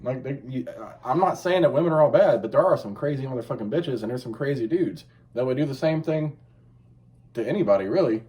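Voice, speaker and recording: A man's voice: mid-range voice, expressive, a little fast, a little mellow. Profane, rambling man on a podcast. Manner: profane, rambling, acts out quoted voices. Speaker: podcast host. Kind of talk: casual podcast chat.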